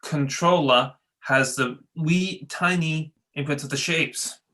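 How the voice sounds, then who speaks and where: Bright-voiced playful man. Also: a little high, slow pace. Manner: playful, stumbling and restarting mid-sentence. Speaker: podcast co-host. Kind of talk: casual chat.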